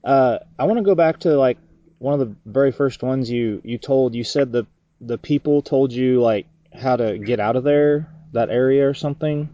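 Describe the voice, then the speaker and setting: Interviewer, man, mellow voice, halting delivery, dry and slightly dull sound. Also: medium pitch, no echo. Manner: halting, many fillers. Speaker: podcast interviewer. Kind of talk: interview questions.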